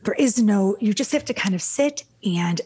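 A woman coach talking on a podcast with a very husky, raspy voice. She is animated and emotional in casual chat, and she swears freely. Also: mid-range voice, normal speed. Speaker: divorce and dating coach, podcast host.

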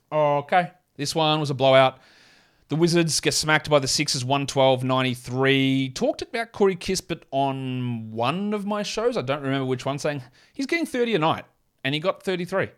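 A man hosts a solo fantasy basketball podcast, bluntly and sarcastically running through stats, cursing casually and reading an ad. His voice is fairly high, animated and smooth, at normal speed.

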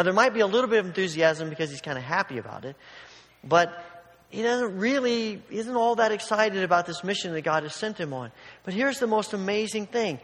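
A man preaching a sermon, telling a story with animated asides and acting out the quoted voices. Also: sits high. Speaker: pastor. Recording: long hall reverb.

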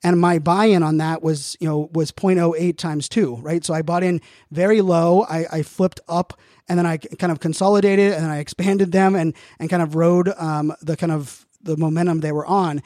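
A man hosts his podcast in a loose, rambling monologue, stumbling over restarts and leaning on fillers. His voice sits high but has a warm, mellow tone. The recording is dry and close, with no room sound. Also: steady tone, moderate pace, no echo. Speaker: podcast host. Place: Phoenix, Arizona area.

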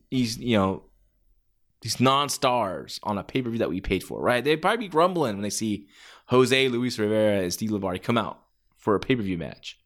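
Male, casual monologue, rambling and animated, mid-range pitch, slips into shouted impressions. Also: normal speed. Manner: rambling, animated, acts out quotes in a raised shouty voice. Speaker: wrestling fan commentator. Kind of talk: casual podcast-style monologue.

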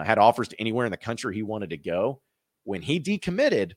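A man's voice: medium pitch, no echo, studio quality. A man hosting a college sports podcast, talking casually and animatedly with frequent restarts and asides. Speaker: podcast host.

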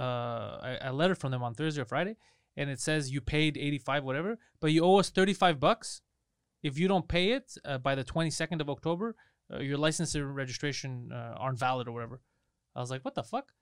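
A man rattling off a story at a fast clip, his voice smooth and clear and fairly high for a man. He swears freely and acts out both sides of the argument. The recording is dry and close-miked, as in a studio. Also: no room sound. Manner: animated, profane storyteller acting out dialogue. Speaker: podcast co-host. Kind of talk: casual storytelling.

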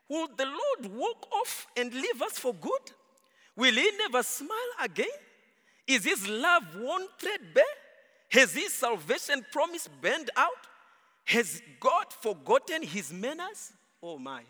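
A high, bright male voice preaching in a church, swinging widely in pitch and sometimes half-singing his points. The sound rings with the long reverb of a large hall. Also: takes it slowly, long pauses. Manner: animated, rises and falls, half-sung emphasis. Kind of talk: sermon.

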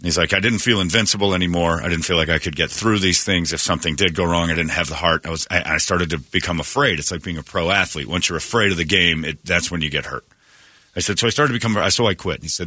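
A man with a low, bright, forceful voice hosts morning radio from a dry, close studio mic. He retells a story with excitement, slips into quoted voices and stumbles over restarts. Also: fast, no echo. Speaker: radio show host. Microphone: studio microphone.

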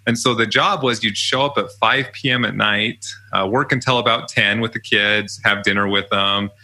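Man, young adult, casual storyteller, easygoing, laughs often, very bright voice, lowish pitch. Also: steady tone, moderate pace. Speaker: podcast guest.

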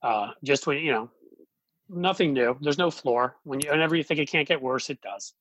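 Man, co-host, casual political chat, conversational, slightly high voice. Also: normal speed, fairly bright tone, rough recording. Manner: conversational, interjecting. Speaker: podcast co-host.

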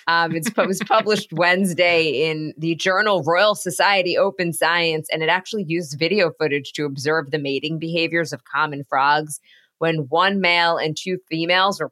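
A woman in her thirties co-hosts a conversational news podcast with a playful, laughing delivery. She sounds tired and close to getting sick. Her voice sits fairly low but comes across bright and forward.

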